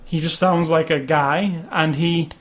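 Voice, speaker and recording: A man's voice: on the high side, steady tone, a little slow. A man co-hosting a casual chat about video games, rambling along with restarts and fillers. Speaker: podcast co-host.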